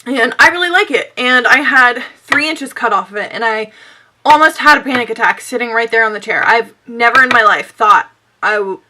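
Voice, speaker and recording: A woman's voice: a little high, normal speed, noisy background. A young woman chatting through a makeup tutorial, rambling and self-mocking as she talks to her viewers. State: sweaty and out of breath. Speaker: beauty vlogger.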